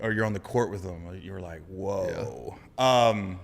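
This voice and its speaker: A man guest on a podcast, telling funny stories in a loud, animated way and acting out other voices. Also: lowish voice, a little fast, long reverb tail. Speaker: comedian guest. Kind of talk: casual podcast storytelling.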